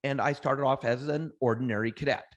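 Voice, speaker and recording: Energetic middle-aged male motivational trainer. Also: medium pitch, a little fast. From Canada. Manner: energetic, anecdotal, frequent restarts. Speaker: guest, trainer. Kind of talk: motivational storytelling.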